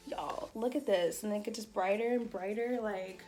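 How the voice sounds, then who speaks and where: A woman talks excitedly to her viewers from her bedroom, filling her sentences with "like" and "y'all" as she walks through a setup. Her voice sits at a mid pitch for a woman, and the camera picks it up on a tripod. Soft music plays faintly underneath. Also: normal speed, hardly any pauses. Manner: chatty, excitable, says "like" and "y'all" a lot. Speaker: beauty vlogger. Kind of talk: casual unboxing vlog. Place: bedroom at home. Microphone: phone or camera on a tripod.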